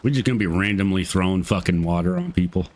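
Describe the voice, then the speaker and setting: A man's voice: deep voice, fast, darkish tone. A middle-aged man streaming a game, chatting casually and crudely, joking and swearing freely. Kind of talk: casual gaming stream chat.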